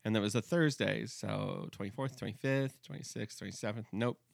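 A man's voice: lowish voice, fairly quick, vocal fry, no room sound, studio quality. A young man casually telling a rambling, jokey story as a podcast co-host. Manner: rambling, jokey, slips into comic voices.

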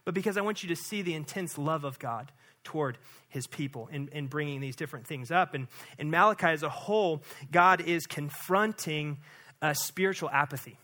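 With a pushed, bright, fairly high voice, this pastor keeps his sermon conversational. He keeps turning to the congregation with a quick "right?"

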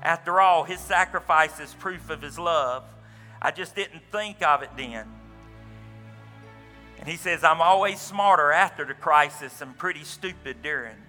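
A man's voice: a little high, measured pace, pushed and bright, big-room sound, soft background music. A man preaching a sermon as pastor, telling a story with quoted dialogue and folksy asides. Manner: storytelling, retelling another man's account with quoted dialogue.

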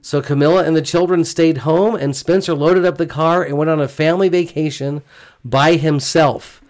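A man's voice: on the high side, fairly even intonation, moderate pace, darkish tone. A middle-aged man co-hosting a casual gospel discussion about marriage, earnest and chatty, often checking in with "right?". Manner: earnest, chatty, frequent "you know" and "right?". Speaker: podcast co-host.

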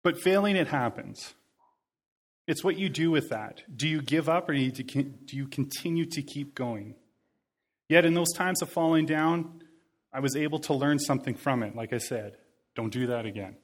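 A man's voice: fairly high pitch, normal speed. A man in his thirties giving a sermon, talking in an earnest, conversational way and often repeating his phrases. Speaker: preacher.

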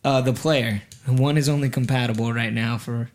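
A man co-hosting a podcast, chatting casually in an excitable way, telling stories and laughing often. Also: mid-range voice, moderate pace. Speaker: podcast co-host. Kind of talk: casual chat.

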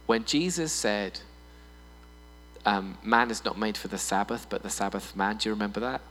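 A man preaching a sermon in a church hall, animated and playful, often putting on voices for humor. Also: on the low side, normal speed. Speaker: pastor. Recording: long reverb in a hall with mains hum.

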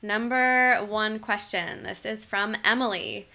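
A woman's voice: mid-range voice, takes it slowly, sharp tone. A woman co-hosting a nutrition podcast in casual chat, reading listener questions aloud, laughing easily and dropping "like" and "you know" often. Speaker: podcast co-host.

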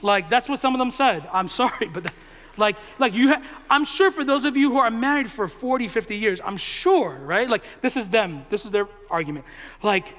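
A man preaching a sermon to a large congregation, animated and joking, acting out both sides of a debate. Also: sits high, a little fast, big-room sound. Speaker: pastor. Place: large church hall with a big congregation.

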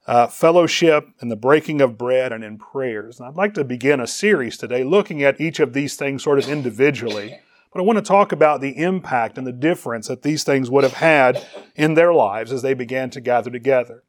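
A man's voice: mid-range voice, brisk, no room sound. A man preaching a sermon, reading scripture aloud and explaining its words. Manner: reads scripture aloud and explains Greek words, rising in emphasis on questions.

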